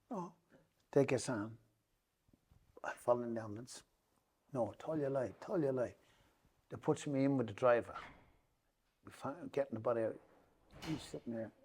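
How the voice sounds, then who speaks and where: With a medium-pitched voice that's a little mellow and has a breathy edge, a middle-aged podcast guest tells a long, emotional story. He speaks with an Irish Traveller accent, rambles, and repeatedly swears it's true.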